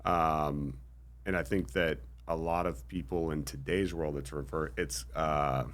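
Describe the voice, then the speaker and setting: A man's voice: rumbling low, steady tone, measured pace. A man being interviewed on a podcast, speaking modestly and thoughtfully with frequent ums. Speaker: interview guest. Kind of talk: casual interview chat.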